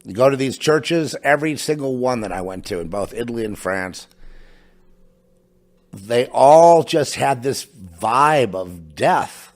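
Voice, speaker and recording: A middle-aged man from a home studio, rambling in a casual monologue, halting with many restarts and asides. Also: medium pitch, expressive. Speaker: podcast host. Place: home in New Mexico.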